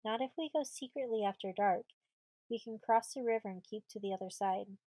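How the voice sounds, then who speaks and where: A woman's voice: medium pitch, fairly quick, warm tone, no room sound, lightly acted. A woman voicing a timid, frightened settler wife who pleads in a sobbing voice. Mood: pleading.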